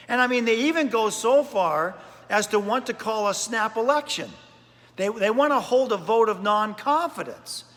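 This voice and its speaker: A man's voice: high-pitched, lively intonation, normal speed, fairly bright tone, big-room sound. A man pastor preaching a sermon in a chatty storytelling way, often repeating words as he goes. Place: church.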